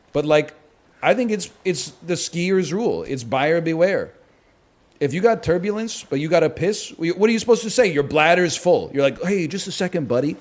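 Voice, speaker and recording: A man streaming a game, telling stories in a casual, rambling way, animated and profane, with wry asides and acted-out quotes. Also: a little high. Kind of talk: casual rambling storytelling while gaming.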